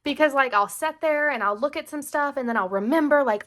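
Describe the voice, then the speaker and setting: A woman's voice: high voice, animated, a little fast, hardly any pauses, a bit bright. A young woman, chatting casually in a home planner vlog, rambling with lots of "like" fillers. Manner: rambling, filler-heavy with frequent "like". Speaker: planner vlogger and mom. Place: home desk.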